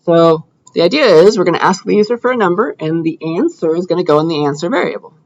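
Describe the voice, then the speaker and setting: A man's voice: high-pitched, animated, quick pace, muffled recording. A man teaching a programming class, talking casually and checking in with students often as he codes live. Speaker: computer science lecturer. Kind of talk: classroom lecture with live coding. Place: lecture room.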